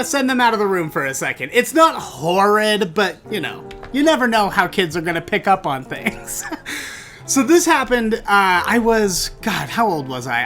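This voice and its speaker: A man hosting a storytelling show, recounting a bad date in an animated, theatrical way that bursts into exclamations. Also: high-pitched. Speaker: storytelling podcast host. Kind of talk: comedic personal storytelling.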